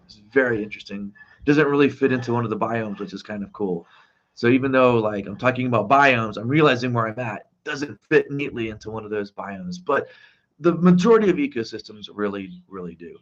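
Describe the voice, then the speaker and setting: A man's voice: medium pitch, lively intonation, brisk, highs cut off. A man teaching a biology class in a casual, rambling way, recording his lecture outdoors in a forest. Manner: chatty, rambling, with fillers.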